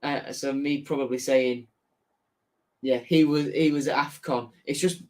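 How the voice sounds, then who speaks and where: This young football channel host from Hull speaks in a mid-range, darkish voice with fairly even intonation and an unhurried pace. He's chatty on his live stream, reading viewer comments aloud and correcting himself.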